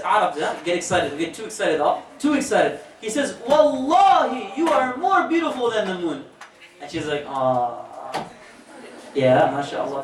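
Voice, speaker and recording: A man giving a storytelling sermon as an imam, animated, with joking asides to the audience. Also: sits high. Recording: echoey hall, distant mic, faint noise.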